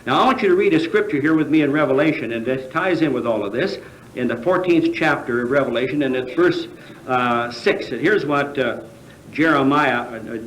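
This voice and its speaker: In an echoey, large convention hall with slight background noise, an American man delivers a sermon, posing rhetorical questions to his listeners and tripping over fillers. His voice is medium-pitched, fairly quick, and a bit bright.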